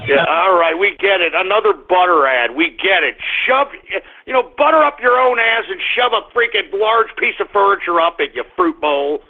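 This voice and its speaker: A man's voice: high voice, expressive, moderate pace. A male radio call-in show host, ranting and cursing heavily. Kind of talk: profane call-in show banter. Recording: narrow phone-like sound, faint music.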